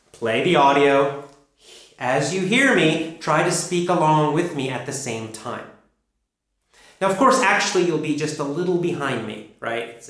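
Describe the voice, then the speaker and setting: Male English teacher, deliberate and emphatic; slightly high voice, heavy room echo. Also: a bit bright. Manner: emphatic, deliberate, repeats key words. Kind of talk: instructional lesson. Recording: very echoey room.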